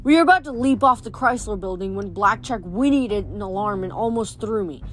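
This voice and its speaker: A woman's voice: mid-range voice, animated, a little fast. A woman reading a novel aloud in a plain read-aloud manner, stumbling now and then. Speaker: reader.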